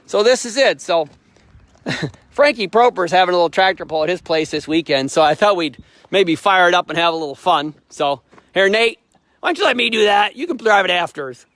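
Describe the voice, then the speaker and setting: A man's voice: sits high, animated, fairly quick, a bit bright, dry recording. A middle-aged man hosting a casual walkaround, telling a rambling, plain-spoken story in a folksy way. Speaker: host, tractor dealer.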